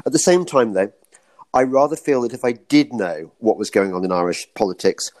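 A man's voice: on the low side, expressive, brisk, darkish tone. Rambling, ironic British man. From Britain. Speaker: guest. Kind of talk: casual chat.

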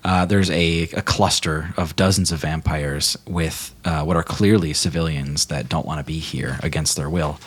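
A man narrating as game master in a casual, animated way with many fillers. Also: very deep voice, normal speed, few pauses, breathy edge.

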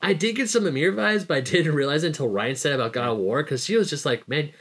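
A man's voice: a little high, expressive, quick pace, a bit bright, husky. A laid-back man on a casual podcast, admitting he barely read the comic and recalling scenes he liked. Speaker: podcast co-host. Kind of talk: casual book club chat.

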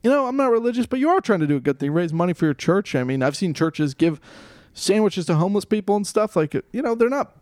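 A male comedian telling a story on a podcast in casual chat, animated, swearing freely and laughing at himself. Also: sits high, fast, dry recording, clean studio sound.

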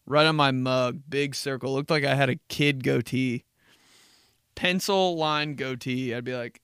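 A man's voice: medium pitch, fairly bright tone, clear, resonant tone, no echo, clean studio sound. A young man hosting a podcast, telling rambling, profane, comedic stories and laughing at himself. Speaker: podcast host. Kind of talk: casual comedic storytelling.

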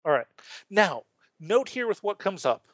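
Animated guy with a high voice hosting a bible chat, stumbles and restarts a lot, super dry close mic. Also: measured pace, no echo. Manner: animated, acts out quoted voices, frequent restarts. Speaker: podcast host teaching the Bible. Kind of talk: casual Bible study chat.

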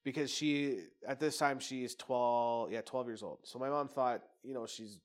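A man's voice: mid-range voice, steady tone, moderate pace. Candid, swearing man telling a story. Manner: rambling, profane, candid. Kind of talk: casual personal storytelling.

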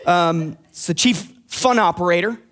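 A man's voice: high-pitched, measured pace, fairly bright tone. A young man preaching a casual sermon as youth pastor, friendly and joking with the congregation.

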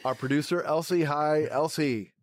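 A man's voice: fairly high pitch, moderate pace, dry recording. A man hosting a comedy podcast, chatting playfully and joking around, sometimes stumbling over his words. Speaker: podcast host. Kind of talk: casual comedy chat.

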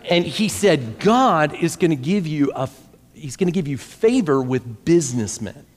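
A man's voice: mid-range voice, in a large hall. A pastor in his forties tells a story in a conversational sermon style and often repeats words as he goes. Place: church sanctuary.

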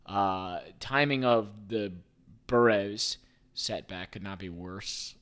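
A man's voice: lowish voice, takes it slowly, a bit bright. A man in his thirties hosting a podcast, in rambling, profane, joking casual sports talk. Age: 30s. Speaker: podcast host.

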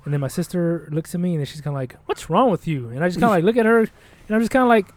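A man's voice: high voice, very fast. A young man casually telling a long, rambling, profane story, acting out what people said. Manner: rambling, profane, animated, acts out quotes.

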